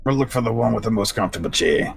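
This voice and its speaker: A man's voice: fairly low pitch, lively intonation, racing, creaky, noisy background. A man voicing a crude, grumbling New York man, with a put-on New York accent, swearing often. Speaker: player.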